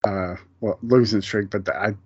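A man co-hosting a podcast in casual chat, loose and a bit profane, quoting scenes in quick bursts. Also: on the low side, fairly even intonation, darkish tone, husky, dry recording, muffled recording. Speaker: podcast co-host.

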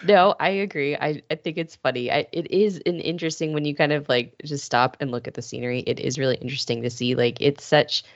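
A woman's voice: sits low, fairly even intonation, dry recording, muffled recording. A woman co-hosting a podcast, chatting casually and laughing often. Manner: laughs often, slow and drawling. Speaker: podcast co-host. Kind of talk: casual chat.

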